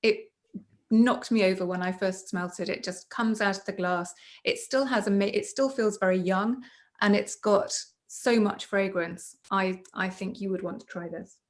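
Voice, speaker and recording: A woman's voice: medium pitch, moderate pace. A woman on a panel describing wines in appreciative, descriptive terms. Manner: descriptive, appreciative tasting notes. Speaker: wine writer panelist. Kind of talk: casual panel discussion.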